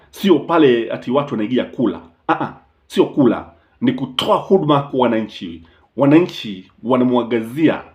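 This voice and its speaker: A man with a Kenyan accent hosts a political commentary show, speaking at a middling pitch. He argues his points with emphasis and strong opinions, switching freely between English and Swahili. His delivery is loose and unscripted, broken up by fillers and restarts. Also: darkish tone, dull audio. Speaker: political commentator and channel host.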